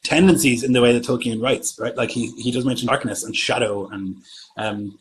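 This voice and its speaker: A man's voice: mid-range voice, steady tone, fairly quick, a little hiss or hum, poor audio. A man from Germany who runs tabletop games, chatting casually on a livestream and thinking aloud as he answers viewer comments. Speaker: game master.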